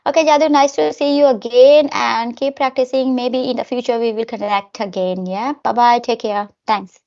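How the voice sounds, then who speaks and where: Fast-talking Indian-accented woman. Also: fairly high pitch, steady tone, gravelly, darkish tone. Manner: talks fast. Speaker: English teacher and YouTuber. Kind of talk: casual conversation. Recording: dull, muffled call audio.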